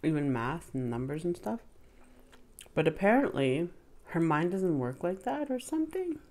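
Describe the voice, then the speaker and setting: With a fairly low, slightly mellow voice and a sing-song delivery at a moderate pace, a middle-aged woman chats to the camera while eating for her mukbang vlog. Between bites she hums, and mm-hmms come up frequently.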